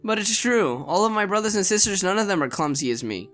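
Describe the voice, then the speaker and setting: A man's voice: sits high, expressive, quick pace, soft background music, pitched above the performer's own voice. A man voicing a tearful, clumsy girl Santa. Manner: soft, tearful, faltering speech. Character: sweet clumsy young woman Santa Claus. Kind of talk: visual novel read aloud.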